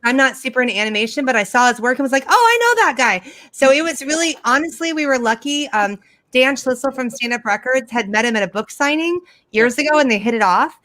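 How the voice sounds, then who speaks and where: A middle-aged woman doing a sarcastic stand-up comedy set over a video call, with animated storytelling and mocking impressions. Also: high voice, quick pace, no echo.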